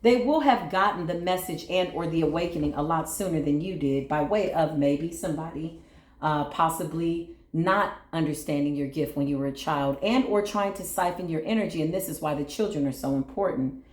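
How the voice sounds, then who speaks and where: A woman's voice: sits low, normal speed, a little mellow, roomy sound. A woman giving a tarot reading on her channel, soothing and repetitive, often checking in with "right?". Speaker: tarot reader.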